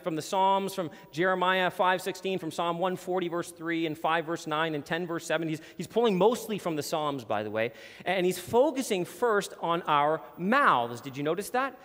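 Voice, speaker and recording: A man preaching a sermon in a church hall with a screen behind him, earnest and emphatic, slowing down to read scripture. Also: high-pitched, lively intonation, a bit bright. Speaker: pastor.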